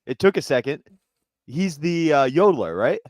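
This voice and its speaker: A man's voice: fairly high pitch, very animated, moderate pace, a little mellow, no room sound, clean studio sound. A man co-hosting a comedy podcast, agreeable and self-deprecating, laughing easily in casual chat.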